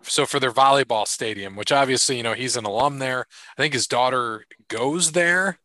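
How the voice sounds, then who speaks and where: Bright-voiced casual podcast host, a man. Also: medium pitch, moderate pace, no echo. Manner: loose and jokey, reads sponsor thanks. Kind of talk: casual chat.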